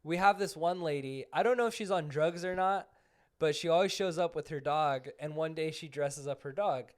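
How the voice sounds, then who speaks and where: A young man co-hosting a podcast, telling stories in an animated casual way and laughing often. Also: a little high, normal speed. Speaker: podcast co-host. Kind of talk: casual chat.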